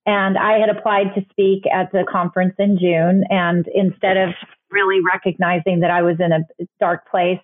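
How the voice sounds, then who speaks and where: Candid woman on a phone-like line. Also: fairly low pitch. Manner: candid, many restarts and fillers. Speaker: guest, author. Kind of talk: interview storytelling.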